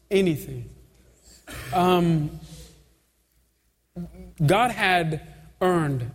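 A man preaching a sermon as pastor, in a chatty way with chuckles and asides to the congregation. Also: fairly high pitch. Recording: reverberant church hall.

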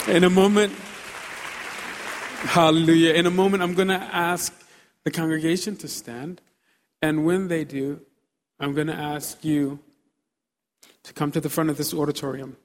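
In a large church auditorium, a man with a voice on the high side preaches an altar-call sermon. He pleads and repeats short exhortations, building from soft urging to loud fervor.

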